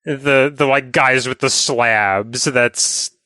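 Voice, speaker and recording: A man's voice: mid-range voice, takes it slowly, pushed and bright, dry recording, studio quality. A man in casual podcast chat about video games, thoughtful and meandering, leaning on filler words. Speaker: podcast co-host.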